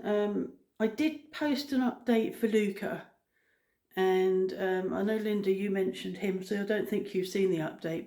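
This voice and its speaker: A middle-aged woman chatting casually to her viewers, rambling with many pauses and ums. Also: on the low side, creaky, echoey room. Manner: rambling, frequent ums, soft-spoken. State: out of breath. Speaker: vlogger. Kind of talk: casual chat.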